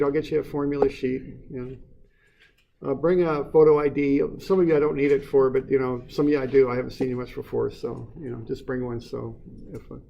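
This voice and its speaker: Guy teaching engineering class, bit high voice, gravelly, asks the room questions, muffled classroom audio. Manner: informal, repeats words, asks the class questions. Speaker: engineering instructor. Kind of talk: classroom lecture.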